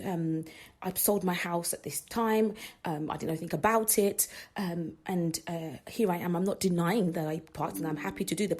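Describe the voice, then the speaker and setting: A woman, hosting a gospel radio show and telling a personal story in an animated way, acting out what others said and laughing often. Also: fairly low pitch, husky. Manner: animated, acts out quoted dialogue, laughs often.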